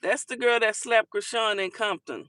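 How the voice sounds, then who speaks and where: Bright-voiced sassy woman host. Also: a little high, normal speed. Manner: chatty, sassy, calls listeners honey and baby. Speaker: talk show host. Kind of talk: casual commentary on viral clips.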